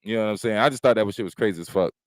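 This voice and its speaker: A man's voice: lowish voice, very fast, no echo. A man doing a casual stream chat, rambling and cursing freely as he tells stories from home. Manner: rambling, profane, laid-back storytelling. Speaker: comedian hosting his own stream. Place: at home, smoking while chatting.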